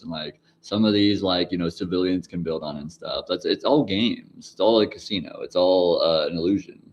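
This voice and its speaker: A man in his forties hosting a casual livestream, answering chat questions in a rambling way, laughing often and swearing now and then. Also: fairly low pitch. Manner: rambling, laughs often, sudden loud outbursts.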